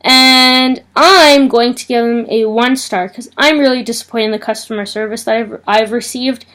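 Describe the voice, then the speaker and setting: A woman's voice: on the high side, fairly even intonation, normal speed, fairly bright tone. A young woman vlogging, telling an indignant, agitated story in a casual rant.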